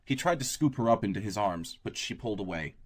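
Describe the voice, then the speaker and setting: A man narrating an audiobook in a steady, even storytelling manner. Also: lowish voice, fast.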